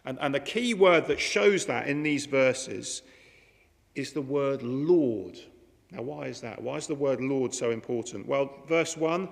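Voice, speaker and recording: Gravelly preacher in a reverberant hall. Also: male voice, mid-range voice, animated, unhurried. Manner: conversational, many rhetorical questions. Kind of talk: sermon.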